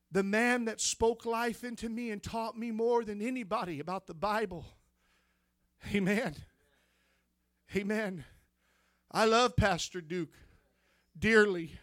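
High-voiced fervent male preacher. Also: dry recording, studio quality. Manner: fervent storytelling, rising to shouts. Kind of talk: sermon testimony.

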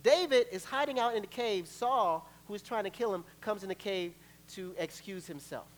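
A man preaching a sermon as pastor, conversational and animated, joking with the congregation. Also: sits high, normal speed. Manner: animated, acts out quoted voices, laughs between points.

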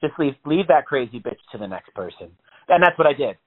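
A man's voice: mid-range voice, sing-song, fairly quick, slightly rough. A man telling a story in casual, rambling chat on a podcast, with lots of swearing. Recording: tinny phone-like sound.

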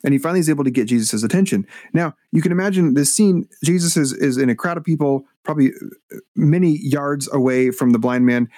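A man, a guest author and minister, telling a story in a podcast interview with animated, halting delivery. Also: fairly high pitch, dry recording, studio quality. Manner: animated, acts out voices when retelling, halting restarts.

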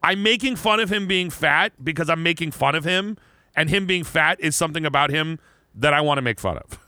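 A man co-hosting a casual comedy podcast, rambling and animated, with lots of "like" and laughter. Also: fairly high pitch, brisk, dry recording. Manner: rambling, animated, frequent "like" and laughter, playful mock voices. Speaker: podcast co-host.

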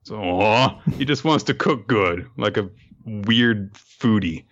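A man's voice: fairly low pitch, takes it slowly, a bit bright, lo-fi sound. A man hosting a podcast, recapping a chapter in a casual, amused storytelling manner.

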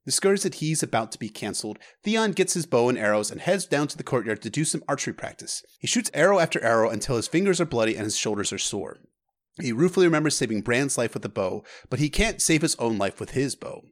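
A man narrating a casual story recap with relaxed phrasing and occasional stammered restarts. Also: mid-range voice, fast talker.

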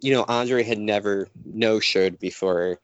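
A podcast host retelling a story casually and animatedly, full of likes, on a close mic. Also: male voice, on the low side, measured pace, dry recording, muffled recording.

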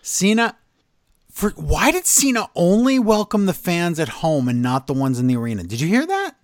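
A man's voice: high voice, big pitch swings, moderate pace, dry recording, clean studio sound. A man co-hosting a wrestling podcast, ranting in an exasperated, sarcastic way in casual chat. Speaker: podcast co-host.

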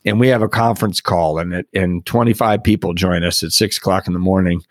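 A middle-aged man, a podcast guest, earnestly telling a personal recovery story with reflective pauses and soft laughs. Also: sits low, fairly even intonation, no room sound, studio quality.

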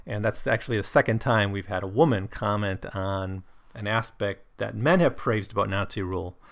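A man's voice: lowish voice, moderate pace, vocal fry. A man hosting a chapter-by-chapter book commentary, talking it through loosely, with frequent restarts and fillers. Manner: loose, conversational, with frequent restarts and "you know". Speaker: podcast host discussing a novel.

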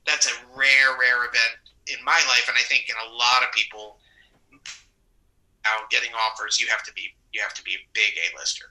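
Bright-voiced New York actor, rambling. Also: male voice, mid-range voice, fairly even intonation, fairly quick, low-quality recording. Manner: rambling, self-correcting anecdotes. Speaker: actor guest. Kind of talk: casual interview talk.

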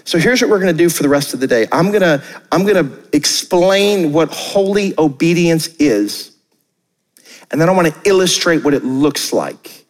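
A young adult male pastor preaching a sermon in a conversational, energetic way, with joking asides and quick acted-out quotes. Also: on the high side, long reverb tail. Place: church auditorium.

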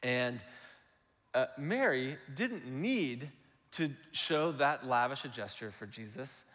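A man's voice: medium pitch, animated, takes it slowly, a bit bright, in a large hall. A male pastor giving a conversational, explanatory sermon.

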